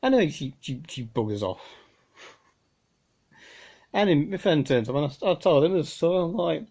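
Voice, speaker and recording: A man's voice: on the high side, very animated, moderate pace, a little mellow, husky. A man rambling on in a loose, chatty vlog monologue. He sounds exasperated and peppers his talk with "you know", recorded on a phone. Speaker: amateur radio vlogger. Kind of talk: casual monologue to camera.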